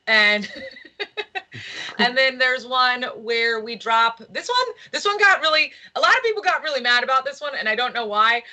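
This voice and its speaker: A woman's voice: sits high, big pitch swings, normal speed, pushed and bright. A woman from New York, a guest comedian on a podcast, chatting casually and riffing on jokes with frequent laughter.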